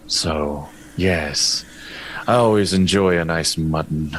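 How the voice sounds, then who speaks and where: Deep slow-talking man playing his character. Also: expressive, rough recording. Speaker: player. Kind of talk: playing a tabletop game in character.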